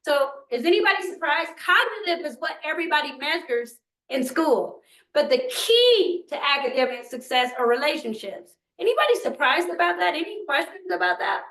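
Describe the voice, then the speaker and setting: An older woman presenting a workshop to parents, animated and asking the room questions. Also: sits high, moderate pace, roomy sound, rough recording. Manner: animated, asks the audience questions, acts out quotes. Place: meeting room.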